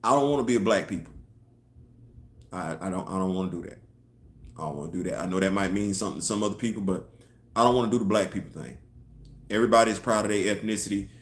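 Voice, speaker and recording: A man's voice: sits low, fast talker, long pauses. A man hosting a casual live online show, talking emphatically, firing off rhetorical questions and answering viewer chat. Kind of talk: casual live-stream commentary. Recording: echoey room.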